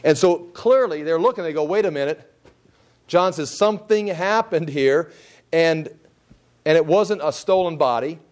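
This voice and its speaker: A man with a notably high-pitched voice teaches from scripture in a relaxed, conversational way. He retells the story in his own words, restarting sentences and briefly acting out what the people said. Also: normal speed. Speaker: preacher teaching the Bible.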